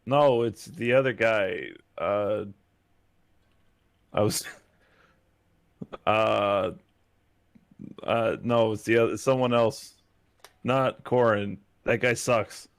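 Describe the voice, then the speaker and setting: A man's voice: fairly low pitch, fairly even intonation, drawn-out words, pauses often, clear, resonant tone, dry recording. A man voicing a goofy male adventurer who fumbles through a cover story about who he is. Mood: flustered, evasive.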